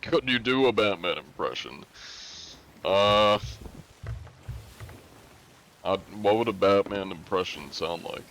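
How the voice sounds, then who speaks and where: A young man chatting casually on a live stream, reading chat and answering in a relaxed way. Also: on the low side, takes it slowly, long pauses, slight background noise. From United States.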